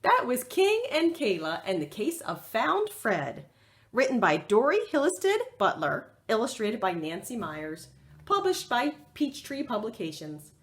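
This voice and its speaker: Slow, expressive woman reading to kids. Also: a little high. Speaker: children's librarian reading aloud. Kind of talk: read-aloud storytime.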